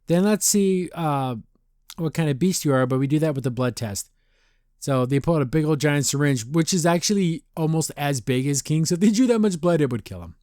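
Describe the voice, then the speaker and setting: A man with a fairly high, expressive voice and a dark tone gives a loose, rambling podcast recap of a cartoon episode, full of fillers. He often circles back and restarts, and keeps dropping into quick paraphrased impressions of the characters. The sound is dry and close, with no echo or room around it.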